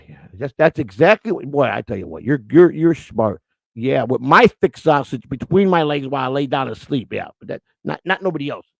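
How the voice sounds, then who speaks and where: A man's voice: mid-range voice, warm tone, dry recording. A man chatting casually on a livestream, rambling and repeating himself as he teases viewers who send super chats.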